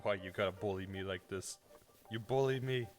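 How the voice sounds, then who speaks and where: A man's voice: fairly low pitch, moderate pace, faint music behind. A man streaming a game and bantering playfully with his chat, teasing back and laughing at himself. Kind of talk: casual gameplay stream chat.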